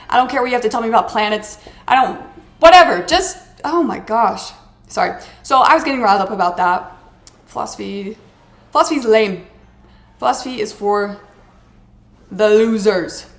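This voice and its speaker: A woman vlogger chatting casually while she plays a mobile game, ranting dramatically with sarcastic, exasperated asides. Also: mid-range voice. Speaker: gaming vlogger.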